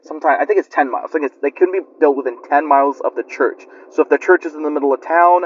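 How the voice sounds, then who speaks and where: A man's voice: on the high side, fast. A man telling a spooky story in a rambling, chatty way with lots of fillers. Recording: lo-fi muffled recording.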